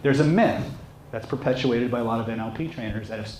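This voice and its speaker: A man's voice: medium pitch, fast. A man teaching a live seminar, telling stories and acting out the people in them. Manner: animated, acts out shouting characters in stories. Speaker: seminar trainer. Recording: echoey room with faint noise.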